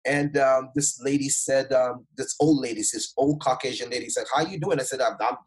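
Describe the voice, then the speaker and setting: A man's voice: medium pitch, moderate pace, low-quality recording. A man from Jamaica, a motivational speaker, telling his life story as an interview guest. He talks energetically, acts out the people he quotes, and uses many fillers and restarts. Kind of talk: animated personal storytelling in an interview.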